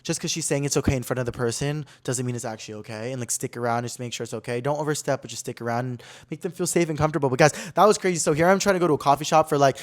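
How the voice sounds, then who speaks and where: A man's voice: medium pitch, very fast, few pauses. A young man hosting his own podcast, telling a story in a casual, dramatic way full of "like" fillers. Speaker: podcast host.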